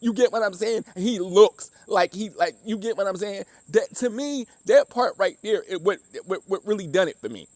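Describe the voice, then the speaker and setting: A Southern man speaks in a high, earnest voice, giving personal testimony and often restarting his sentences. The sound is dry and close. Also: moderate pace, hardly any pauses, darkish tone, dry recording. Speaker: former deli worker giving testimony.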